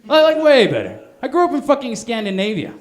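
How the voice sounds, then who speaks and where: Norwegian guy doing standup in a bar, kinda high voice, trips over his words then lands the punch. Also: wildly swooping pitch, a little fast. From Norway. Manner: rambling, stammering restarts, punchy asides. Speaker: stand-up comedian. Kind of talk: live stand-up set. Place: comedy bar on stage.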